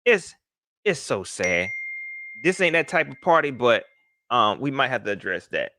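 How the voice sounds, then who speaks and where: A man hosting a casual live sports talk stream, animated and shouting out viewers by name. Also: medium pitch, moderate pace, dry recording. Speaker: livestream host.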